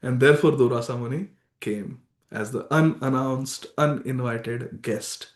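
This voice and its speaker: A man's voice: medium pitch, unhurried. A man teaching a morning scripture class in a temple, retelling stories emphatically with devotional exclamations. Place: temple hall. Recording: echoey temple hall.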